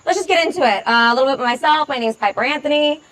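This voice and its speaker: An actress playing a thirty-year-old stand-up comedian who sarcastically tears into a heckler, with lots of filler words. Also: female voice, high-pitched, racing, very noisy, close to an everyday voice. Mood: sarcastic. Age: 30s. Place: comedy club stage.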